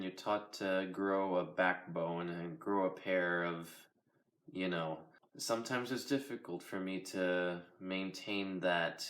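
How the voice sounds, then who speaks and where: Low-voiced man, flat and halting. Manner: quiet, flat, monotone delivery with halting pauses. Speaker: vlogger. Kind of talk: personal confessional vlog. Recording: echoey room.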